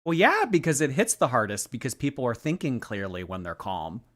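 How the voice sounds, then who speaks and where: A man's voice: medium pitch, huge pitch swings, brisk, fairly bright tone. A man hosting a livestream, giving sarcastic, chatty commentary and thanking viewers. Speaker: livestream host. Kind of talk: casual commentary stream.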